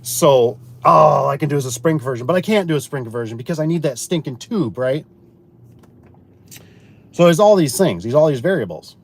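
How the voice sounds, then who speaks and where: A man's voice: fairly high pitch, fairly quick, gravelly, breathy edge. A man who installs garage doors, chatting casually about jobs and acting out what customers and co-workers said, often repeating words as he restarts a sentence. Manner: animated, acts out quoted customers and himself. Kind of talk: casual storytelling chat.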